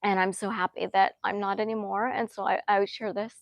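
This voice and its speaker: Woman, live-stream Q&A host, earnest, filler-heavy pauses, close dry sound. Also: mid-range voice, flat delivery, dry recording. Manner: warm, earnest, often pausing with fillers. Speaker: host answering viewer questions.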